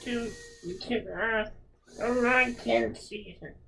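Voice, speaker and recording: A woman's voice: fairly high pitch, takes it slowly, creaky, a bit bright, slight background noise, poor audio. A woman hosting a podcast, talking in an emotional, heartfelt way and repeating words for emphasis. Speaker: podcast host. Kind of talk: reflective podcast monologue.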